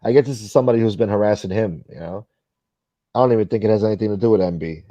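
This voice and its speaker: A man's voice: on the low side, racing, dark tone, no room sound, highs cut off. A man hosting a casual livestream, chatting bluntly, swearing freely and reading out viewer comments. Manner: blunt, rambling, swears freely, mimics others. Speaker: livestream host.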